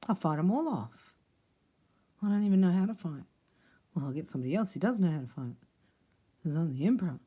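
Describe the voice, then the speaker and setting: A woman's voice: fairly low pitch, lively intonation, brisk, long pauses, mellow, husky. A woman voicing an anxious, insecure man in love who keeps questioning himself in a frantic rush. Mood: brooding.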